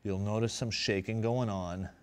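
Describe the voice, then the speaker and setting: A man works as a fitness instructor leading a workout, counting reps and urging the viewer on while breathing heavily. His voice is on the low side with fairly even intonation at normal speed, and music plays behind him, his manner encouraging and coaching.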